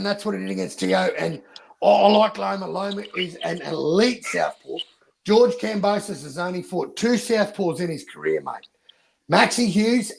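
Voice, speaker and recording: A man's voice: sits high, vocal fry, a little hiss or hum, low-quality recording. An Australian man, a boxing YouTuber, arguing passionately in casual debate and swearing a lot.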